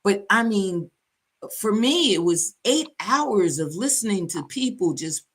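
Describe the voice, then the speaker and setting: A woman's voice: medium pitch, expressive, unhurried, fairly bright tone. A woman co-hosting a live online talk show, chatting animatedly, repeating phrases and acting out quoted people. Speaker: co-host.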